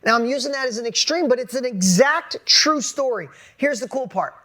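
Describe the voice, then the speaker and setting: A man working as a business coach gives an audience a blunt, energetic motivational talk, casual in manner and swearing freely. His voice is extremely high-pitched and brisk.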